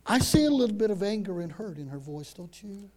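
A man preaching a sermon, retelling a story with dramatic swings from loud to hushed and frequent repeated words. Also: high-pitched, animated, fairly quick.

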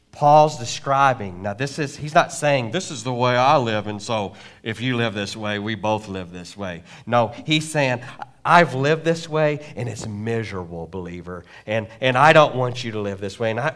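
A man preaching a sermon in a church, animated and jokey, acting out quotes. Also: on the low side. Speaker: pastor. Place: church sanctuary.

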